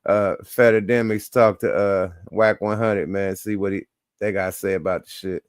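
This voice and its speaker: A man's voice: lowish voice, fairly even intonation, normal speed, clear, resonant tone, no echo, clean studio sound. A man hosting a podcast in casual chat, talking bluntly and emphatically with plenty of profanity. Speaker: podcast host.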